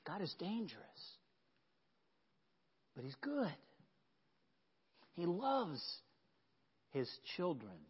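A man preaching a sermon as pastor, earnest and emphatic, often dropping to a hush. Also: on the high side, husky. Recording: dull sound with long hall reverb.

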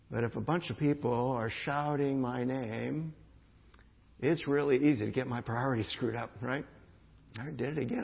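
A man preaching a sermon, telling the story with lively swings between loud calls and quiet asides. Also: a little high, creaky, slightly rough. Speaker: pastor. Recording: dull lo-fi sound in a reverberant hall.

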